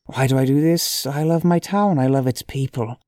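A man's voice: medium pitch, normal speed, darkish tone, no room sound, studio quality, lightly acted. A man doing a sarcastic Irish restaurant owner. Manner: sarcastic, mock-polite letter reading. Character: prickly adult male Irish restaurant owner. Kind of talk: comic dramatic reading.

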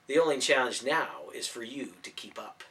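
A man's voice: medium pitch, normal speed, pushed and bright, natural voice. A man voicing a bold, spirited young woman in a storybook reading, speaking earnestly and rousingly. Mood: lively. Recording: voice from a distance off mic.

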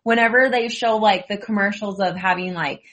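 A woman's voice: mid-range voice, normal speed. A woman in her thirties from the United States, hosting a casual chat and telling stories with acted-out quotes. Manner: chatty, animated storytelling with acted-out quotes. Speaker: host.

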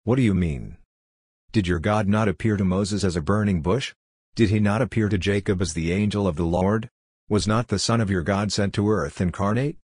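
Guy reading as a calm otherworldly temptress, low reverberating voice, real deep and husky. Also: clean studio sound. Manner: calm, preaching, unhurried. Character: calm seductive female divine being, tall, uncanny. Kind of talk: audiobook reading.

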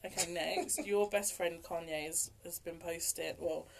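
A woman's voice: on the low side, steady tone, a little slow, creaky, slight background noise. A young woman, co-hosting a casual podcast chat, blunt and sarcastic. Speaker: podcast co-host.

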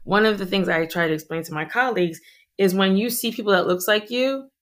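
A woman's voice: medium pitch, fairly quick. A middle-aged woman, a physician guest, talking in a chatty, joking, conversational way. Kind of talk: conversational interview.

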